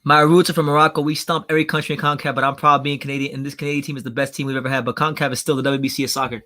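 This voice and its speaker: Bright-voiced man chatting on a stream. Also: medium pitch, flat delivery, racing. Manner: rambling, repeats himself, laughs at his own jokes. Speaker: livestream host. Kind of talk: casual livestream chat reading viewer comments.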